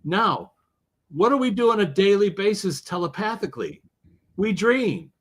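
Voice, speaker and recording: A man being interviewed as an author, telling stories in an animated way with wide swings in his voice. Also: high voice, normal speed. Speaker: author and guest. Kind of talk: interview conversation.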